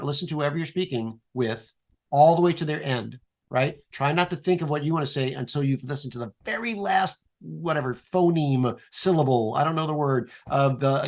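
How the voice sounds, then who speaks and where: A man guest on a podcast, explaining an improv exercise in a playful, animated way and swearing casually. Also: a little high.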